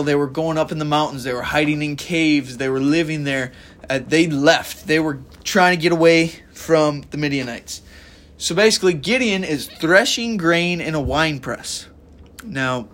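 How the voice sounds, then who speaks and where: A man's voice: a little high, a bit bright. A man teaching the Bible on a podcast in an informal, earnest and emphatic way, with a chatty delivery full of fillers.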